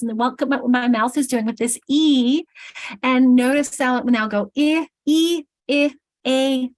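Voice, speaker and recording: A woman trainer leading an online teacher workshop, explaining and sounding out vowel sounds over a video call. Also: medium pitch. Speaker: literacy trainer.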